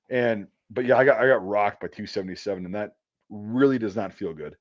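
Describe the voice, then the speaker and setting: In a muffled recording, an electrician with a lowish voice talks a little fast, rambling through a work story in casual conversation. He swears often and trips over filler words throughout.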